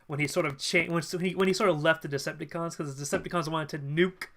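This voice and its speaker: A live streamer in casual chat at a desk mic, talking loosely with frequent ums and quick laughs. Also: mid-range voice, steady tone, fairly bright tone. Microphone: desk mic at a computer.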